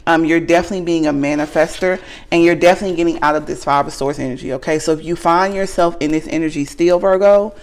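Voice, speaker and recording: A woman's voice: low-pitched, fast talker, hardly any pauses. Woman with a Southern twang reading tarot. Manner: tags nearly every sentence with a questioning okay; frank, earnest, addresses the viewer directly. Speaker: tarot reader. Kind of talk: casual tarot reading to camera.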